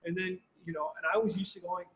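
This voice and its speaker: A man's voice: high voice, fairly even intonation, quick pace, fairly bright tone, husky, poor audio. A man, a guest horn player, answering questions on a video call in a thoughtful, rambling way full of "you know" and "like". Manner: thoughtful, uses many fillers like "you know" and "like". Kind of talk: reflective conversational answers.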